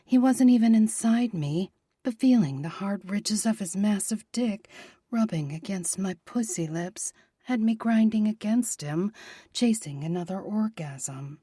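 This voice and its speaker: A woman narrating a romance audiobook in a soft, breathy, half-whispered voice. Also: medium pitch, lively intonation, a little slow, no echo, clean studio sound.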